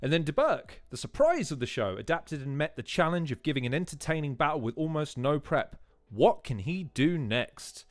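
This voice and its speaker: A man's voice: on the high side, very animated, moderate pace, no room sound. A man hosting a livestream, chatting and laughing as he reacts to battle rap clips and repeats lines for effect. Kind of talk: casual livestream commentary.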